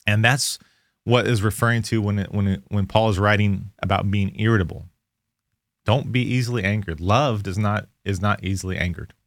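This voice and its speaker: A man's voice: lowish voice, fairly bright tone, no echo, clean studio sound. A man giving an informal devotional Bible lesson, explaining verses conversationally and correcting himself as he goes. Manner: conversational, restarts and self-corrections while explaining. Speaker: Bible teacher.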